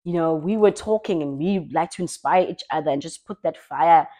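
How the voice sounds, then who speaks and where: A young South African woman telling her own story in an expressive, lively way, as a personal vlog. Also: sits low, moderate pace. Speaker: vlogger.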